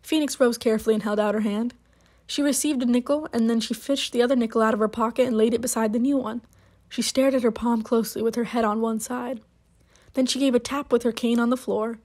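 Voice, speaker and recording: A woman narrating a short story aloud in a measured, unhurried way. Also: a little high, steady tone, a little mellow.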